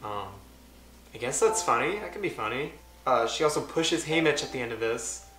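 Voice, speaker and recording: A young man reads aloud from his childhood script and picks it apart with deadpan, self-mocking asides. His voice rings in a roomy space. Music plays clearly underneath. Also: mid-range voice, normal speed. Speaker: YouTuber. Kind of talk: casual reading and commentary.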